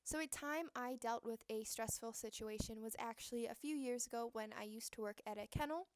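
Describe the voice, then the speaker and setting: Young woman with a fairly high voice. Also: a little fast, clean tone, no echo. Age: young adult. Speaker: guest, college student. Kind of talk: prepared personal account.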